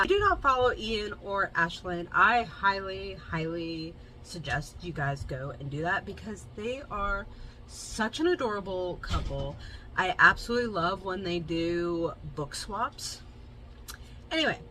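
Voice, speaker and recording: A woman's voice: medium pitch, pushed and bright, a little hiss or hum, poor audio. A young woman from Kansas with a Midwestern American accent, chatting casually as she hosts a book review. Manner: bubbly, chatty, lots of asides. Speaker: book reviewer, channel host.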